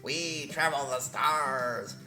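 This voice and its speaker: A man voicing a small, scheming weasel-like alien merchant in a slow, drawn-out, sing-song way. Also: medium pitch, bright, forceful tone. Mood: grandly welcoming. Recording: roomy echo with faint music.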